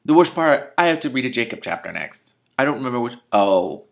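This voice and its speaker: Exasperated man reading aloud, gravelly voice. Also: mid-range voice, sing-song, fairly quick. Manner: exasperated, sarcastic running commentary. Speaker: reader and commentator. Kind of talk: reading a novel aloud with commentary.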